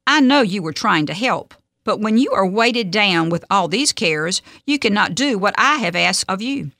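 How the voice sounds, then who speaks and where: A woman voicing God in a storybook reading, speaking gently and calmly. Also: moderate pace, creaky, no echo. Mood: gentle. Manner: gentle, low and soft.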